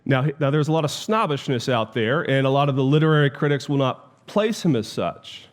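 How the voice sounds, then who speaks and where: A man lecturing as a theology professor, telling stories reflectively with deliberate pauses. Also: mid-range voice, expressive.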